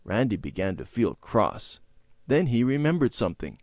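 A man reading a children's Bible story aloud in a measured, clear storytelling manner. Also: medium pitch, very animated, a little mellow, no room sound, studio quality.

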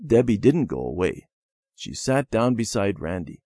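A man narrating a children's storybook in a gentle, expressive manner. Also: on the low side, normal speed, dry recording, clean studio sound.

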